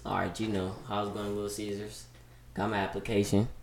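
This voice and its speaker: A teenage boy tells his side of things in a slow, laid-back way. His low voice is gravelly, and the echoey room rings around him. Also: little pitch movement. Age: teen. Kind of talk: casual chat.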